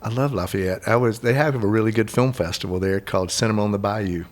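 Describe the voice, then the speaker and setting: Relaxed middle-aged man hosting a chat. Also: lowish voice, quick pace. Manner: rambling, relaxed, many restarts. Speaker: host. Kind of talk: casual interview chat.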